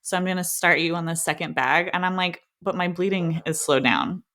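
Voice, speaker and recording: A woman's voice: lowish voice, a little fast, a bit bright. A woman in her thirties, a podcast co-host, casually telling a personal story, full of "like" and acted-out quoted exchanges. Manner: chatty, frequent "like", acts out quoted exchanges.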